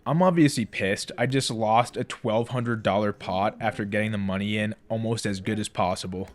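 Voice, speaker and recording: Man narrating his poker vlog, lowish voice, blunt and irritated. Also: moderate pace. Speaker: poker vlogger. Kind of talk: scripted vlog voice-over.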